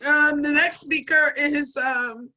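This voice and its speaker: A woman's voice: sits high, fairly even intonation, takes it slowly, bright, forceful tone, slight background noise, poor audio. A woman emceeing an online event, introducing speakers in an effusive, tearful, emphatic way over a video call. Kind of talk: emotional live introductions.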